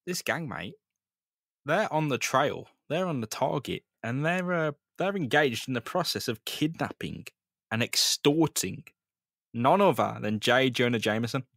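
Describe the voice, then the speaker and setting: A man's voice: medium pitch, expressive, measured pace, vocal fry, fairly bright tone, no echo, studio quality. A man, co-hosting a podcast and retelling a comic with crude jokes. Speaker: podcast co-host. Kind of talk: casual comic recap chat.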